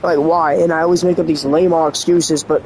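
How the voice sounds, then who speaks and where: A man's voice: on the high side, flat delivery, brisk, darkish tone, slight background noise, low-quality recording. A teenage boy vlogging in an earnest, rambling way, full of "like" fillers, his voice slightly sick and cracking. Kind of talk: confessional vlog talk.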